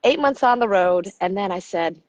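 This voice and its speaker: A middle-aged American woman who works as a coach appears as a podcast guest, telling animated stories in a casual interview and acting out the people she quotes. Her voice is medium-pitched and her pace moderate. The recording is dry and muffled.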